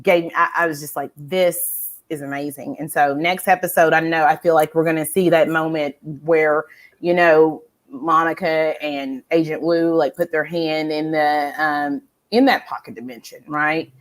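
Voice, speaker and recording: A woman with a somewhat low voice co-hosts a casual pop culture chat. She reads out viewer questions and talks animatedly, with many restarts, and keeps checking in with "right?". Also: steady tone, moderate pace. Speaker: co-host.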